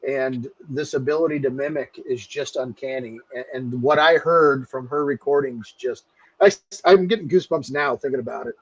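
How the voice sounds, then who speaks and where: A man of middle pitch talks as a guest, earnest and candid. His points land with emphasis. The sound is a little dull and muffled. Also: moderate pace, breathy edge. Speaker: guest researcher. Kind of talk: casual interview talk.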